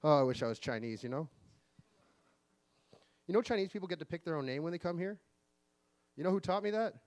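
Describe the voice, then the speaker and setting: High-pitched man doing stand-up. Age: 40s. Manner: deadpan one-liners with quick pitch jumps for punchlines. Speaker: stand-up comedian. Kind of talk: stand-up comedy set. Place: live comedy venue.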